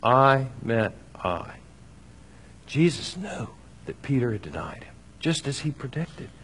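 A man preaching a sermon, acting out scripture with lively swings between loud and soft. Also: medium pitch, takes it slowly, slightly rough. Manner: animated, acts out scripture with shifting loudness. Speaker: pastor.

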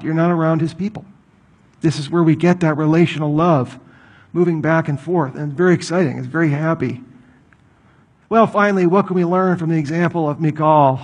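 Middle-aged male pastor, slightly higher voice, conversational sermon delivery with stories and rhetorical questions. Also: a little mellow, slightly rough.

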